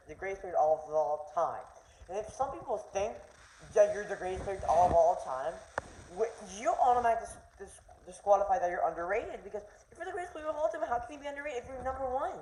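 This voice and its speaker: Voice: medium pitch, a little mellow. Young rambling sports ranter, roomy echo. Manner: rambling, stumbling, heated. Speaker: vlogger. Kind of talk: casual rant. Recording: roomy echo, faint noise.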